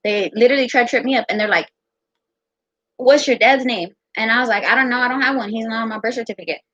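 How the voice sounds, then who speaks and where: A young American woman telling a personal story in a casual, profane, animated way. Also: fairly high pitch, fast, dry recording. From United States. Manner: profane, animated, quotes others in her own voice. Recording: dull lo-fi sound.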